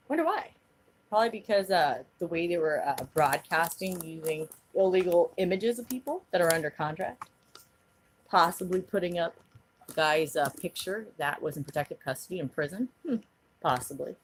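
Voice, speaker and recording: A woman with a somewhat low voice, ranting to her viewers on a live stream. She is plainly angry and talks bluntly, swearing freely as she vents. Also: breathy edge. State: angry, agitated. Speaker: channel host.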